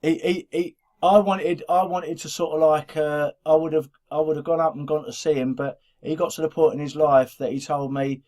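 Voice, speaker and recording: A man's voice: fairly high pitch, fairly even intonation, moderate pace, few pauses, darkish tone. A middle-aged man from the Black Country of England, co-hosting a podcast in casual chat, rambling and restarting his sentences often. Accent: Black Country English. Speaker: podcast co-host.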